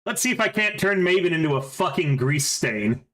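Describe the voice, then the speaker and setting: A man running a tabletop game, explaining rules and narrating the fight. His voice is bright and fairly high. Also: big pitch swings, normal speed, poor audio. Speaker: game master.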